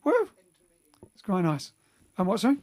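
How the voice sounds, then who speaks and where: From his home during lockdown, a bandleader and singer runs his band's livestream, chatting loosely between songs. His high voice moves at a moderate pace, and his talk is rambling, chatty, and full of self-corrections.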